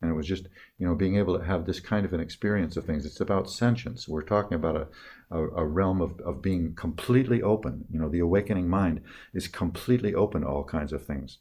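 Deep, husky older man, halting and soft. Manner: halting, with many restarts and trailing phrases; soft-spoken, dropping quieter on tender moments. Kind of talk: reflective personal storytelling.

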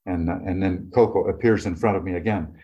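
A man's voice: low-pitched, steady tone, a little fast, dull audio. An older retired man telling long personal stories in a rambling, casual way, full of fillers. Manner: rambling, many "you know" fillers. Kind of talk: casual reflective storytelling.

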